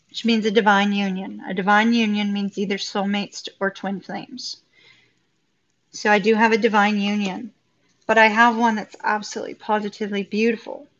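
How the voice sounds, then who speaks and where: A woman with a mid-range, fairly bright voice gives a live tarot reading to viewers, effusive and upbeat, chatting and laughing often. The recording is dull and lo-fi.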